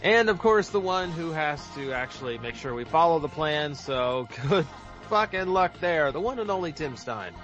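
A man's voice: on the high side, animated, moderate pace, a bit bright, lo-fi sound, soft background music. Teasing man hosting a talk show. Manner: teasing, upbeat. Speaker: host. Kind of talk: casual podcast chat.

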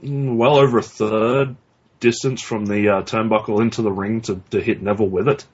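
Man, podcast co-host, husky, profane and rambling, muffled lo-fi sound. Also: on the low side, steady tone, moderate pace. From Australia. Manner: blunt, profane, rambling with restarts. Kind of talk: casual chat. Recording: dull lo-fi recording.

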